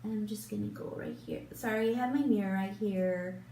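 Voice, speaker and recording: A woman's voice: mid-range voice, brisk, dark tone, slight background noise. A woman in her fifties, a beauty vlogger chatting casually while getting ready, rambling with lots of ums and restarts. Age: 50s. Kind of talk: casual get-ready-with-me chat. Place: room at home in front of a big lit mirror. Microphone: camera a little way off, turned sideways. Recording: roomy echo, voice a bit distant from the mic.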